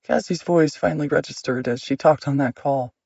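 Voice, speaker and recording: A man narrating an audiobook in a measured, steady reading. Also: fairly high pitch, vocal fry, husky, dry recording, dull audio.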